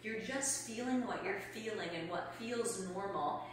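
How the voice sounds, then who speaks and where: A woman's voice: mid-range voice, a little slow, distant mic, a little hiss or hum. Fitness coach woman in an echoey room. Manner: demonstrating exercises while talking, a little out of breath. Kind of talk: instructional exercise video. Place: room at home.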